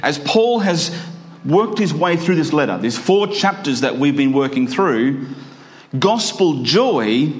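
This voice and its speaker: A man preaching a sermon, explaining a scripture passage with earnest, deliberate emphasis. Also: on the high side. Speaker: pastor.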